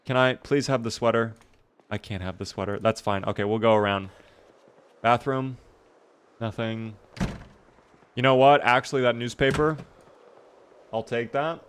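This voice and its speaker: A man's voice: medium pitch, a little slow, pauses often, clear, resonant tone. Tired young guy streaming a zombie game, chatty, thanks chat a lot, normal mid voice. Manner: chatty, thanks viewers by name, mutters while looting. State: tired, yawning. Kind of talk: casual live-stream commentary.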